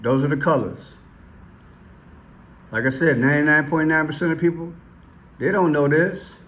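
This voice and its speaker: A man hosting a casual commentary vlog, excitable and repetitive as he points things out on screen. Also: on the high side, moderate pace, long pauses. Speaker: vlog host.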